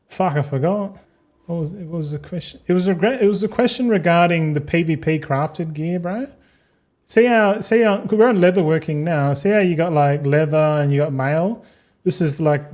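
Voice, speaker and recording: Casting: young male streamer, slightly high voice, loose, sweary, chatty. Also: a little mellow. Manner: rambling, swearing, talks to chat. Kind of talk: casual livestream chat.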